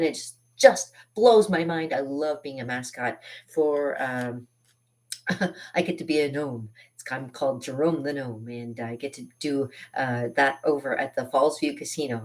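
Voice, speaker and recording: A woman, a party artist, chatting casually on a live stream from her studio, rambling and laughing between phrases, with sudden jumps up in pitch when she gets excited.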